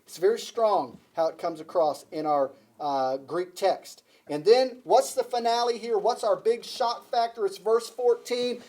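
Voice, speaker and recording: A man's voice: sits high, unhurried, hardly any pauses, a little mellow. A man preaching a sermon to a congregation, emphatic, repeating key phrases and asking the listeners questions. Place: church before a congregation.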